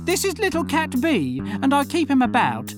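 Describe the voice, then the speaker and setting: A woman's voice: sits high, wildly swooping pitch, moderate pace, over music, pitched above the performer's own voice. A woman voicing a mischievous male cat in a tall hat in a storybook, talking in a boastful, playful sing-song way.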